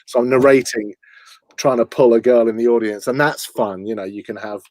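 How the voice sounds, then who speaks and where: Man from London, chatty impressionist, mid-pitched voice, dry close mic, video call chat. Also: brisk, a little mellow, no echo. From London, England. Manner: chatty, laughs often, slips into impressions. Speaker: impressionist and comedian guest. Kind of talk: casual interview chat.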